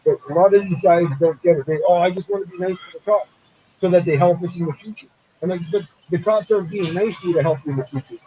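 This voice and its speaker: A man hosts a loose online chat, talking bluntly and swearing as he acts out other people's lines. His voice sits a bit high and sounds mellow. A faint hiss of noise runs under the call. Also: quick pace, rough recording. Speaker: show host. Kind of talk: casual live-stream chat.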